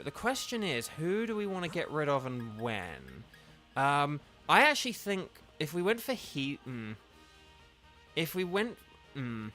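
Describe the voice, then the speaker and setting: A voice actor streams a game and chats casually with his viewers, rambling, correcting himself and using lots of fillers while faint game music plays. His voice is a little high with a sharp tone.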